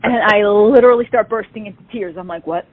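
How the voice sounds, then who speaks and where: A woman, telling an animated story as an interview guest and acting out the quoted dialogue. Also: mid-range voice, fast talker, dry recording. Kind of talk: casual storytelling. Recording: tinny phone-like call audio.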